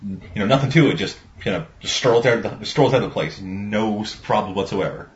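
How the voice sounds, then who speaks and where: A man's voice: on the low side, fairly quick. Rambling, swearing man, lo-fi sound. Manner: rambling, swears a lot, acts out quotes. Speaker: podcast co-host. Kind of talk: casual movie review chat. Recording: dull lo-fi sound.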